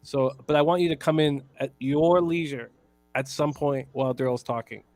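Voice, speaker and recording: A man's voice: mid-range voice, fairly even intonation, moderate pace, darkish tone, dry recording. Upbeat man hosting, dry sound. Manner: upbeat, plugs shows, reads chat names. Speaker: host. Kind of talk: casual sports radio hosting.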